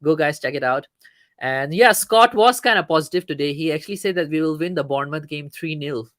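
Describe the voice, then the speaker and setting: A man's voice: a little high, fairly quick, fairly bright tone, dry recording. A man from Malaysia hosting a casual live-stream football talk show, chatting and reading out viewer comments. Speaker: show host.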